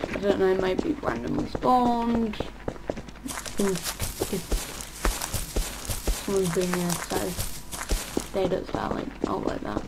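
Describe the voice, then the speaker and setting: A woman rambles through casual gameplay commentary, thinking aloud and trailing off mid-sentence. She talks at an unhurried, drawn-out pace. Noise hisses clearly under the recording. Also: medium pitch. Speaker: gaming channel host. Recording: audible background noise.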